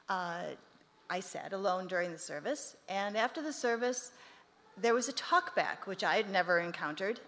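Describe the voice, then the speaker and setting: Humorous woman telling her story in a church. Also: a little high. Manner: humorous, laughing often, lively storytelling. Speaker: seminarian sharing her story. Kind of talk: personal story in a church service. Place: church sanctuary. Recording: echoey hall with faint noise.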